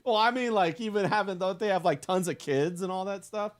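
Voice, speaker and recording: A man's voice: sits high, fairly quick. A man hosting a podcast, chatting in a loose, crude, slang-heavy way with frequent "bro". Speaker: podcast host. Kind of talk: casual banter.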